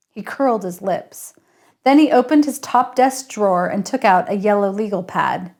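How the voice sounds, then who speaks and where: A woman, the author, reading her story aloud in steady first-person narration. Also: medium pitch, moderate pace.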